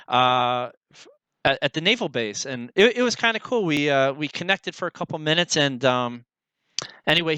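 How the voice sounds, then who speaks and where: A young man talking casually to the camera in a vlog, halting, with many fillers as he searches for words. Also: on the high side, bright, forceful tone, clear, resonant tone, dry recording, rough recording. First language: English. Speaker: language learner.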